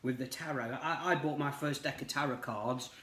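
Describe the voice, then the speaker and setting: A man's voice: mid-range voice, normal speed, fairly bright tone, a little hiss or hum. Middle-aged man, tarot reader, rambling casual chat, many fillers, roomy echoey sound. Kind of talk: casual chat while reading cards. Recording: roomy echo.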